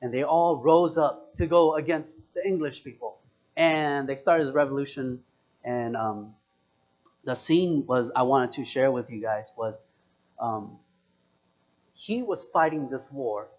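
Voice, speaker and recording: A man's voice: mid-range voice, measured pace. A young man giving a casual, chatty sermon, telling a story and quizzing the audience. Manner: animated, chatty, asks audience questions. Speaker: preacher.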